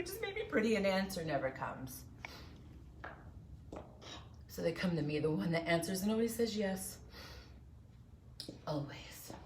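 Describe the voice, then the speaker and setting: A woman putting on a theatrical, mocking female Satan persona for a comedy monologue, swinging between whispers and loud declarations. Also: on the low side, far from the mic, a little hiss or hum. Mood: menacing. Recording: echoey room, voice off-mic.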